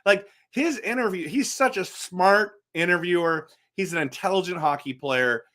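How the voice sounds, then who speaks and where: A man's voice: high voice, normal speed, sharp tone. A middle-aged man hosting a casual hockey fan vlog, chatting animatedly and talking straight to his viewers, with frequent repeats and restarts. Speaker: hockey fan channel host.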